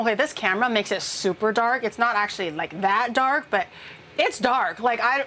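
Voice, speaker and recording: A woman with a fairly high voice chats casually as she cooks at home, reacting to viewers and swearing now and then. Faint background noise sits under her voice. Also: expressive, normal speed. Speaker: streamer cooking on stream. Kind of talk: casual chat while cooking. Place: home kitchen.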